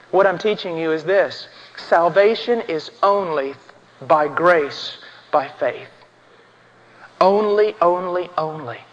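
A man preaching an impassioned sermon, swinging from hushed, solemn passages to ringing, shouted emphasis. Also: on the high side. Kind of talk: fiery sermon. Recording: dull sound in a reverberant church hall.

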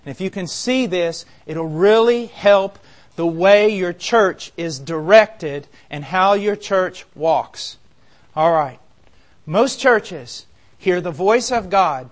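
Impassioned high-voiced male preacher. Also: lively intonation, takes it slowly. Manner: impassioned, emphatic, shifts between quiet and loud. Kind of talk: sermon.

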